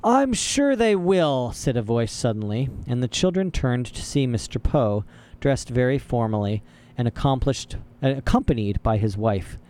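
Mellow-voiced male audiobook narrator. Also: mid-range voice, moderate pace, a little hiss or hum. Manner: steady, even storytelling. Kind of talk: scripted narration.

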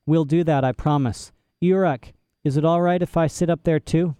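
A man's voice: fairly even intonation, normal speed, warm tone, clean tone, no room sound, studio quality, lightly acted. A man doing a frightened brave young girl. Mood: resolute. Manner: trembling, pitched up.

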